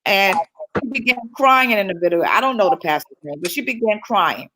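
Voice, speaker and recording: A woman's voice: medium pitch, animated, a little fast, noisy background. A woman minister speaking fervently in a church-style talk, repeating phrases for emphasis.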